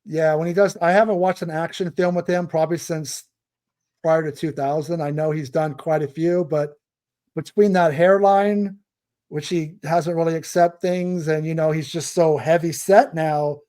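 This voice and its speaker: Easygoing man with a mellow, slightly high voice. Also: fairly even intonation, moderate pace. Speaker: podcast co-host. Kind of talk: casual film-review chat.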